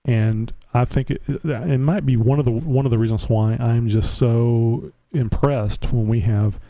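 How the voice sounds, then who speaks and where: A man's voice: mid-range voice, steady tone, unhurried, mellow, dry recording. A man hosting a casual live internet show, rambling and restarting his words often. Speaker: host. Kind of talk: casual livestream chat.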